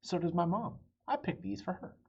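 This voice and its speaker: A man voicing a cheerful, literal-minded young girl in a storybook reading, with a bright, earnest, squeaky delivery. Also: animated, normal speed, husky, highs cut off, exaggerated voice.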